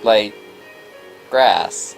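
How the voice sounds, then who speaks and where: A woman voicing a laid-back young male stoner with a slow, dazed drawl. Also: very deep voice, vocal fry, music in the background, pitched below the performer's own voice, full character voice, low-quality recording.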